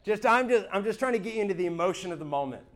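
Earnest high-voiced man telling his testimony. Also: rapid-fire. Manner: earnest and animated, asks listeners questions. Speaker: speaker giving his testimony. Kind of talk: church testimony talk to a small group.

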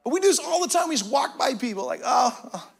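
Racing along in a gravelly voice that's unusually high for a man, a pastor gives a lively, very slangy sermon. He builds to loud, emphatic shouts to hammer his points home.

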